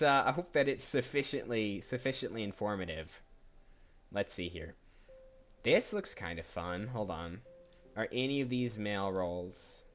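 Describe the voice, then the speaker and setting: A man's voice: fairly low pitch, a bit bright. A man who works as a voice actor, chatting casually on a livestream and thinking aloud as he browses, often restarting sentences. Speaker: voice actor streamer. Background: faint background music.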